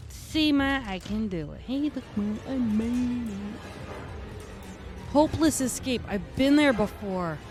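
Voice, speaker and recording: A woman's voice: a little high, close to an everyday voice. Woman voicing a profane, tough-talking redcap fae. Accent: New York. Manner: profane, rambling, streetwise tough talk. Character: brash foul-mouthed fae redcap, tough mechanic. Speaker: streamer in character. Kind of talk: in-character chat on a live stream.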